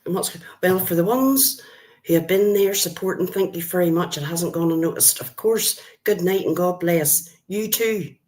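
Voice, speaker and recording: Chatty low-voiced Northern Irish woman. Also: moderate pace, a little mellow. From Northern Ireland. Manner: chatty, greets viewers by name, calls them love. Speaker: live streamer. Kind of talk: casual live-stream chat with viewers.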